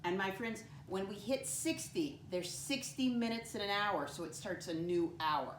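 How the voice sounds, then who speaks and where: Encouraging and patient, a woman teaches first graders she calls her friends, spelling words letter by letter. Her mid-range voice moves at normal speed, heard from a distance in an echoey room with slight background noise.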